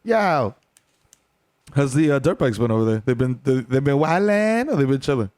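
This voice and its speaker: A man co-hosting a comedy podcast from home, excitable and full of slang. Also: medium pitch, no room sound. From the Bronx, New York. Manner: excitable, slangy, quick to laugh along. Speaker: podcast co-host. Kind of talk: casual comedic banter.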